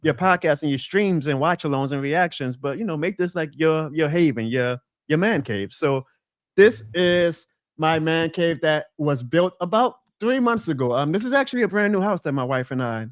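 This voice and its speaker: Young guy, thick New Orleans drawl, animated storyteller, slightly high voice, dry close sound. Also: moderate pace, no room sound. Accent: New Orleans Southern. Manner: animated storyteller, lively pitch jumps. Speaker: podcast guest. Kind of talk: casual chat on a video call.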